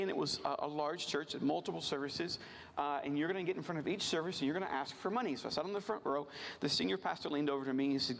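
A man from rural Virginia shares a self-deprecating story with a church crowd. His voice sits a touch high and carries a gravelly fry, and he keeps pulling the audience in with questions. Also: expressive, a little fast, slight background noise. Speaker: missions speaker.

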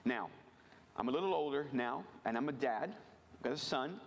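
A man from rural Virginia telling a personal story to a church audience, animated and self-deprecating, often asking the crowd questions. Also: medium pitch, moderate pace, dull audio, a little hiss or hum. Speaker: missions speaker.

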